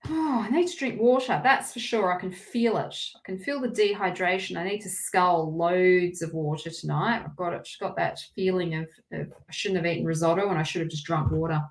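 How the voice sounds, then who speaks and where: A woman's voice: fairly low pitch, fairly quick, hardly any pauses. A woman with an Australian accent giving a live tarot reading, chatty and rambling, with lots of restarts. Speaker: tarot reader.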